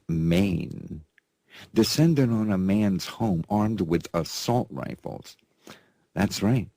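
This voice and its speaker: A man's voice: sits low, gravelly, warm tone, breathy edge, dry recording. A man hosting a talk radio news show, folksy and sarcastic, with constant "right? okay?" asides.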